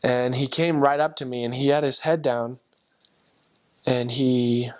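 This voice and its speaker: A man's voice: medium pitch, fairly even intonation, a little slow, a bit bright. Earnest man telling a heartfelt testimony. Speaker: former missionary. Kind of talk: personal faith testimony story.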